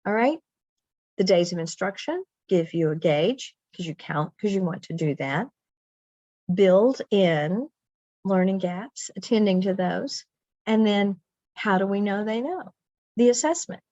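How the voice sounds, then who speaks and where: A middle-aged woman leads a teacher training session for professional development, chatting loosely and repeating phrases to drive points home. Her mid-range voice is expressive, somewhat slow and a little dark. The recording is dry, dull and lo-fi.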